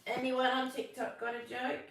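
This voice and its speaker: A woman's voice: sits high, level tone, normal speed, gravelly, fairly bright tone, recorded from a distance. A woman hosting a casual live stream, chatty and self-deprecating, telling corny jokes while a little sick. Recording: echoey room, away from the mic.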